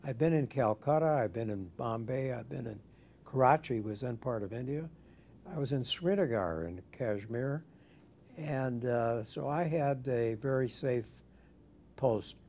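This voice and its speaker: An older man being interviewed for an oral history, speaking in a measured, thoughtful way with frequent restarts. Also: mid-range voice, darkish tone, slight background noise.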